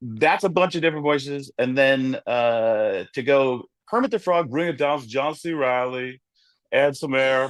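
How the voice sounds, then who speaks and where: A man's voice: medium pitch, unhurried, dry recording, clean studio sound. A man, a comedian, chatting animatedly as an interview guest and slipping in and out of voices. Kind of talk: lively interview chat.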